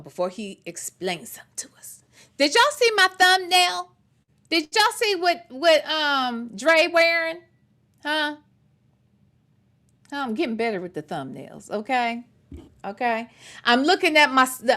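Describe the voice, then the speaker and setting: A woman in her forties giving casual, chatty commentary and talking straight to her viewers. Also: fairly high pitch. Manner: chatty, animated, talks to the chat directly. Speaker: commentary streamer.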